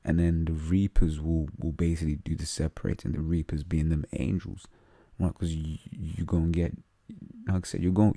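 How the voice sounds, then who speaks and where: Deep gravelly London man explaining scripture. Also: mellow, no echo. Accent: London English. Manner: reads verses aloud, then explains in slang-heavy speech with many fillers. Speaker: religious teacher. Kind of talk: casual scripture talk.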